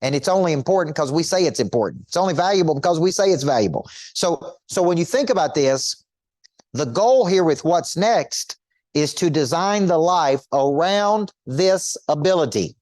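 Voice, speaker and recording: A man's voice: on the high side, expressive, moderate pace, a little mellow, no echo, clean studio sound. A middle-aged man coaching an audience in a motivational teaching talk, emphatic and repetitive, firing rhetorical questions at listeners.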